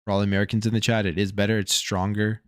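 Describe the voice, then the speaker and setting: Tired Canadian male streamer, Canadian accent, low voice, rambling and chatty, dry close sound. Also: level tone, fast talker, clear, resonant tone, dry recording. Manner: rambling, thinks aloud, chats with viewers. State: tired after a long workday. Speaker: gaming channel host. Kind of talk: casual livestream chat.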